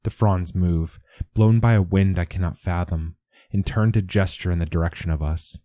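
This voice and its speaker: Low dark-voiced guy reading a story, measured and intense, dry close sound. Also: dry recording. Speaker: narrator. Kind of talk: scripted narration of a first-person story.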